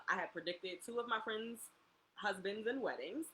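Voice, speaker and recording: A young woman co-hosting a casual home talk show, telling stories in an animated way and acting out the people she quotes. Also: mid-range voice, normal speed, low-quality recording. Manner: animated storyteller, acts out quotes. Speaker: podcast co-host. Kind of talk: casual chat.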